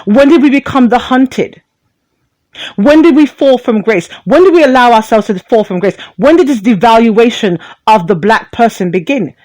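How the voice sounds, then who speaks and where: A woman's voice: a little high, animated, moderate pace, a little mellow, no echo. A woman hosting a talk radio show, delivering an impassioned monologue full of rhetorical questions and blunt profanity.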